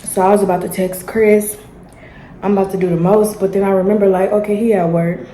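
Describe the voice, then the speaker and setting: A young woman, telling a story in a casual, animated vlog chat and acting out the dialogue. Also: medium pitch, fairly quick, reverberant, slight background noise, low-quality recording. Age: young adult. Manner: animated, chatty, acts out dialogue. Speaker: vlogger. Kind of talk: casual storytelling while eating.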